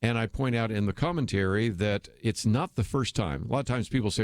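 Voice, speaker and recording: A low-voiced man hosts a talk radio show, delivering a commentary monologue straight to listeners in an earnest, persuasive way. He often pauses on fillers and restarts sentences, and the recording is close and dry with no room sound.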